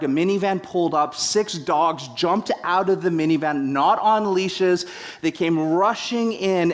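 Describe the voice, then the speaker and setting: A middle-aged man preaching a sermon as a pastor, telling stories with animated acted-out quotes and self-deprecating humor. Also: on the high side.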